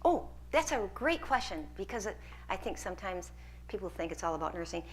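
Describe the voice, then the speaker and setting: A woman's voice: medium pitch, very animated, fairly quick, slight background noise. A woman lecturer taking questions from a hall audience, earnest and encouraging as she answers. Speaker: guest lecturer.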